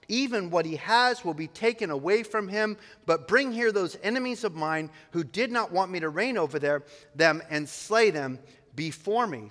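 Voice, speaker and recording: Male pastor, high voice, expository preaching, church hall reverb. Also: fairly bright tone. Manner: expository preaching, reading scripture aloud. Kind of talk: sermon. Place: church sanctuary.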